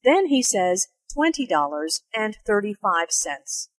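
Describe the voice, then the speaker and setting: A woman teaches English slowly and carefully, articulating clearly through narration and dialogue, and her pitch turns lively for the spoken examples. There's no room sound.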